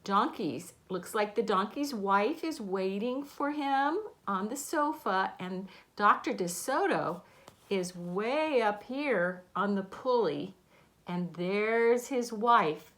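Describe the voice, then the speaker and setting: A woman reading a picture book aloud to children, slowly explaining the pictures. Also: medium pitch. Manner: slow, gentle, explaining the pictures. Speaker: storytime reader.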